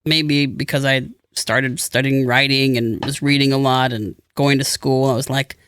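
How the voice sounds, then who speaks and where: A middle-aged man with a mid-pitched voice, recorded dry and close. He winds through a rambling personal anecdote in relaxed podcast chat and acts out the voices of the people in it. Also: normal speed, smooth, no room sound. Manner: rambling storyteller who acts out quoted people. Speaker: podcast co-host. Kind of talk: casual chat.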